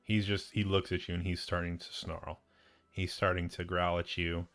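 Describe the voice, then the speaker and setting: A man running a tabletop game as game master, narrating hesitantly with many pauses and restarts. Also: low voice, level tone, fairly bright tone.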